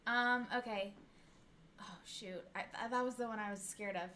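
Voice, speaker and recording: A young woman co-hosts a podcast in a loose, playful way, laughing easily between lines. Her voice is bright and a touch high. A faint hiss sits under the recording. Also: steady tone, moderate pace. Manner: giggly, playful. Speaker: podcast co-host. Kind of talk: casual chat.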